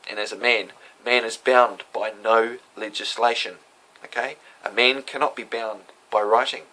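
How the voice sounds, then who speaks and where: A man's voice: on the low side, steady tone, normal speed, pushed and bright, poor audio. A man talking casually and defiantly about his day in court, lecturing and emphatic. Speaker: self-represented defendant recounting a court hearing. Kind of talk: casual spoken monologue.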